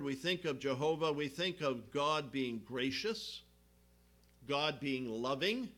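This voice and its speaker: A man's voice: medium pitch, expressive, slow pace, a bit bright. A man preaching a sermon as pastor, teaching from slides and putting questions to the congregation.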